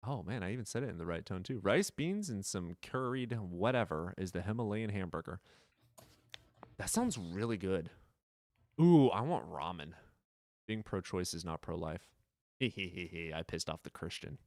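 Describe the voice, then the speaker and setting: Lively, expressive low-voiced male streamer. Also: moderate pace, dry recording, studio quality. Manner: laughs often, swears freely, teasing. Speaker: livestream host. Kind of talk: casual livestream chat.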